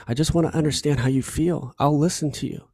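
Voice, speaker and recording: A man's voice: fairly high pitch, fast, a little mellow. A man from Chicago talking earnestly and from the heart as a podcast guest, often repeating himself. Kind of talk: candid conversation.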